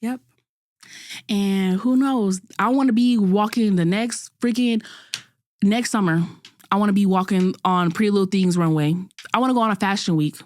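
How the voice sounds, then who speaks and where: A woman's voice: mid-range voice, normal speed, darkish tone, no room sound, studio quality. A young woman in her twenties hosting a podcast, talking through a candid, self-critical monologue in casual slang with frequent restarts. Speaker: podcast host.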